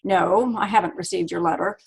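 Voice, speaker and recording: Lady reading a pushy formal lawyer guy, impatient, keeps pressing, husky voice. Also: on the low side, fairly even intonation, a little fast. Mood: insistent. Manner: insistent, formal. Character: persistent older male lawyer, impatient.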